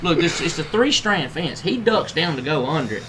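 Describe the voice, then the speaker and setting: A man telling a story among friends, animated, laughing often and acting out what others said. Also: on the high side, normal speed. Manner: animated, laughing, acts out quoted lines. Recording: noisy room ambience.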